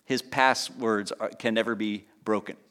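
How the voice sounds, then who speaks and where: A man preaching a sermon in a lively teaching tone, with conversational asides and small jokes. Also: measured pace, clean tone. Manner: lively teaching tone, pitch rising on key points and dropping low on asides. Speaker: pastor.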